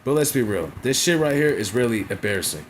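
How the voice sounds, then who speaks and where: A man's voice: medium pitch, very animated, fast, slight background noise. A man casually recapping a wrestling show in a vlog, blunt and profane, constantly checking in with "right?" and "you feel me?".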